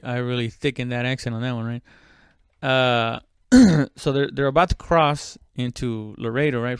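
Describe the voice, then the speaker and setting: A man's voice: mid-range voice, clean tone, no room sound, studio quality. A man telling a story casually, rambling with lots of restarts, swearing freely and acting out quoted speech. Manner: rambling, many fillers and restarts, profane; acts out quoted speech loudly.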